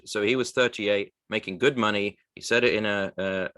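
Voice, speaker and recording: Low-voiced man, halting and reflective. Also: fairly even intonation, sharp tone, no echo. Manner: halting, reflective, restarts often. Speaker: guest, recruitment firm co-founder. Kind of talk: radio interview, personal story.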